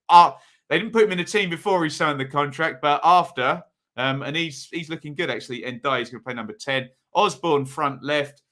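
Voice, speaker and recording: Male host, fairly high bright voice, casual live football chat full of fillers. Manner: chatty, frequent ums and uhs, reads team sheets. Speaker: football watch-along host.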